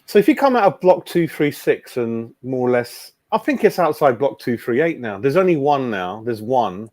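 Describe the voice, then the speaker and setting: A man's voice: mid-range voice, big pitch swings, normal speed, a little mellow, dry recording. A man chatting casually as co-host of a football fan show, rambling and calling people mate. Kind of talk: casual chat.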